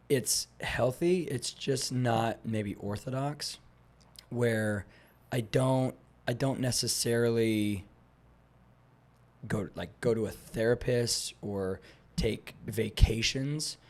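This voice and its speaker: A young man talking as a guest on a podcast, animated as he tells stories and acts out conversations, rambling a little with restarts. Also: medium pitch, slow pace, pauses often. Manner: animated storyteller, acts out dialogue; rambling with frequent restarts and fillers. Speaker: guest, fitness instructor.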